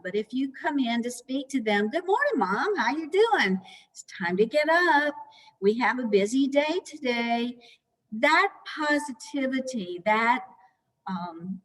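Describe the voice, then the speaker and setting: Woman teaching caregivers, slow and patient, kinda echoey big room. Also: mid-range voice. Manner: calm, patient, conversational, with gentle acted examples. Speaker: presenter at a caregiver education talk. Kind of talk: educational talk.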